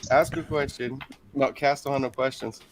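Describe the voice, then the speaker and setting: A man's voice: mid-range voice, steady tone, moderate pace. Easygoing male co-host, casual joking delivery, faint hiss. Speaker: podcast co-host. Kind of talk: casual livestream chat.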